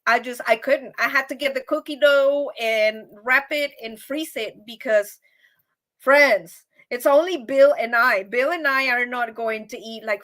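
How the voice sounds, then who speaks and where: High-voiced chatty woman live-streaming. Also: fairly bright tone. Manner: chatty and rambling, often repeating words and calling viewers "friends"; upbeat, laughing often. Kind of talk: casual live-stream chat with viewers.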